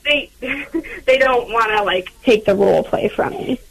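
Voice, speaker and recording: A woman's voice: on the high side, a little slow, gravelly, a bit bright, husky, dry recording, poor audio. Hesitant young mother calling in. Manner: hesitant, many fillers like "um" and "like". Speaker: caller, mother of two. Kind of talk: phone-in call.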